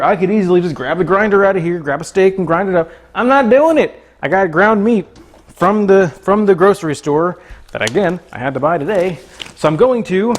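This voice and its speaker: Jokey young man cooking on stream. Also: fairly high pitch. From Florida. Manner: jokey, talks to chat, reads out names. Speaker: cooking livestream host. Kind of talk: casual chat while cooking. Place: home kitchen.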